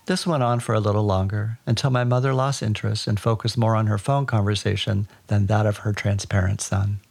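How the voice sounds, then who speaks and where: Male podcast storyteller, deadpan and wry, low voice with gravelly fry. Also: a little fast. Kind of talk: personal story narration.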